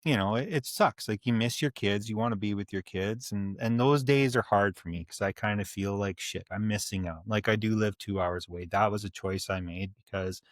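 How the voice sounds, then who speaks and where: A man's voice: on the low side, a little fast, few pauses, dry recording, studio quality. A man in his forties co-hosting a podcast, telling a candid, rambling story and swearing freely. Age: 40s. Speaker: podcast co-host. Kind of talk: casual chat.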